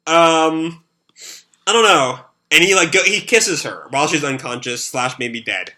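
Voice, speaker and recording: A man with a sore throat recapping a manga chapter as he reacts to it live, rambling and full of fillers. His voice is very bright and sits a little above a normal man's pitch. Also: expressive, a little slow.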